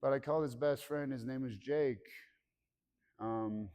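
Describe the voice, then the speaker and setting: A man in his thirties speaking candidly to students about his life, halting and full of restarts, acting out remembered conversations. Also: mid-range voice, dark tone. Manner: acts out remembered dialogue with raised voice. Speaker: motivational speaker. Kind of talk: personal story told to a student audience. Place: school hall.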